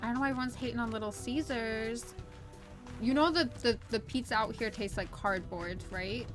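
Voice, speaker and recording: An American woman with a slightly high voice chats loosely while playing a game on stream, drifting between thoughts and often restarting sentences. She laughs easily as she talks into a desk condenser mic, with soft game music under her voice. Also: moderate pace. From United States. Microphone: desk USB condenser mic.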